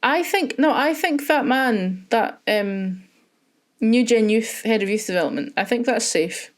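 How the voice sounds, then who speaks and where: A woman's voice: a little high, lively intonation, measured pace. A woman co-hosting a casual chat, playful and joking. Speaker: co-host.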